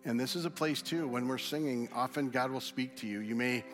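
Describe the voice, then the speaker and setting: Animated man preaching. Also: mid-range voice, a little fast, music in the background. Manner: animated, conversational preaching with acted asides. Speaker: pastor. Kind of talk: sermon.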